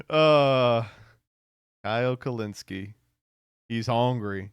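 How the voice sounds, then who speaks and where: A man streaming, reacting to posts in a casual, animated way, laughing often and swearing. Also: mid-range voice, slow pace, pauses often, smooth, dry recording, clean studio sound.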